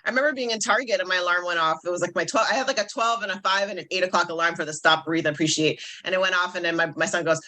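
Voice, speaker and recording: An animated, upbeat woman talks as a self-esteem coach in a casual interview. Her voice is bright and forceful, and she tells her stories with plenty of energy. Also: on the low side, very fast, hardly any pauses.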